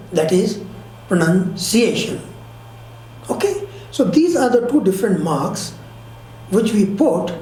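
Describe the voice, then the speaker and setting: A woman teaching pronunciation in a slow, repeating lesson, speaking. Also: mid-range voice, darkish tone, echoey room, a little hiss or hum, poor audio. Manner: explains slowly, repeating and quizzing the listener. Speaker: English teacher. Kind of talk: online grammar lesson.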